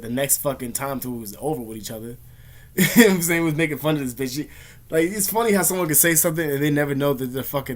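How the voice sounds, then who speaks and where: A man ranting casually to camera in rambling, profane slang. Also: medium pitch. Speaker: vlogger.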